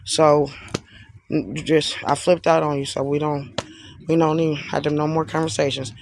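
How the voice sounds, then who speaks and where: A man's voice: fairly high pitch, little pitch movement, normal speed, vocal fry, a little hiss or hum. A man on a live stream, sarcastically repeating himself in an exasperated rant at someone who accused him.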